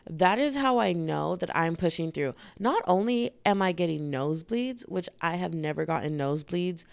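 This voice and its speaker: A young woman in her twenties talks through a casual solo podcast, candid and rambling, full of slang. Her voice sits low and has a lot of vocal fry, and her throat sounds dry and irritated. The recording is close and dry. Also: expressive, normal speed, no echo. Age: 20s. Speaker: podcast host.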